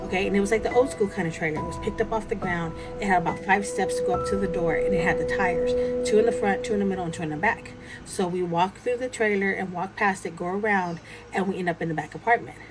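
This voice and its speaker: A woman's voice: medium pitch, fast, loud music behind the voice, rough recording. A woman casually telling a true ghost story, acting out the dialogue as she goes. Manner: animated retelling, acting out quoted dialogue.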